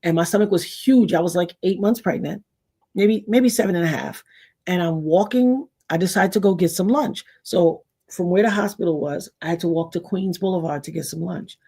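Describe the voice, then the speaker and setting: A middle-aged woman from New York hosting a casual livestream, telling personal stories in an animated way, acting out quotes and thanking her chat. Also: on the low side, moderate pace, husky. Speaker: livestream host.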